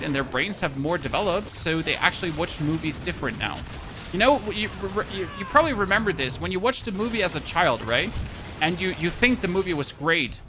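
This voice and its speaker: A man's voice: on the high side, noisy background. A man with a German accent chatting casually to his live-stream audience while he plays, rambling, swearing and laughing at himself. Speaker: game streamer.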